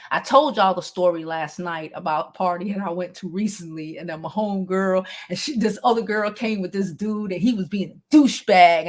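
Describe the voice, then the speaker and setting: A young adult woman hosting a gossip and advice show, chatting casually to her livestream viewers, animated, laughing often and swearing freely. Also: mid-range voice.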